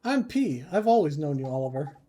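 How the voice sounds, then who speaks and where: A man's voice: on the high side, big pitch swings, brisk, dark tone, slight background noise. A man voicing a mysterious, bubbly young girl spirit who speaks in a giddy, singsong, eager way.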